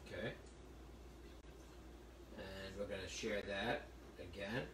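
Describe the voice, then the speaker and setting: A cooking instructor gives a live demonstration in a hot kitchen, chatting the audience through each step while streaming by phone to remote viewers. His voice is low, steady, and slow, heard from a distance in an echoey room with a noisy background.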